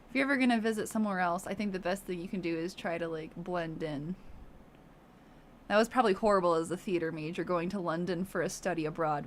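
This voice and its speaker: A woman's voice: fairly low pitch, a little hiss or hum. A woman with a Southern US accent chatting casually on a livestream, laughing often. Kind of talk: casual chat.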